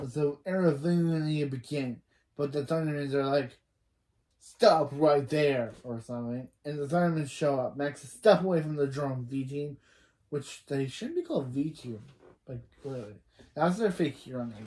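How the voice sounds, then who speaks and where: A man's voice: medium pitch, darkish tone. A man retelling a movie scene by scene in a rambling way, reciting each character's lines after "he says" and often correcting himself mid-sentence. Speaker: reaction channel host.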